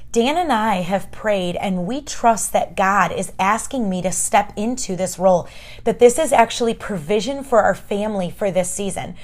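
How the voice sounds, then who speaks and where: A woman hosting a casual, encouraging faith talk, chatty and emphatic, speaking straight to her listeners as friends. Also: mid-range voice. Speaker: podcast host.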